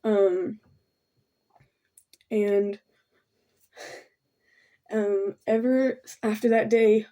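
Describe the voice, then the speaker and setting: Applying her makeup on camera, a young woman from Thailand offers a casual storytime full of ums, likes, and constant apologies. She speaks in a soft, low, mellow voice with fairly even intonation and very little variation, her delivery halting and wandering.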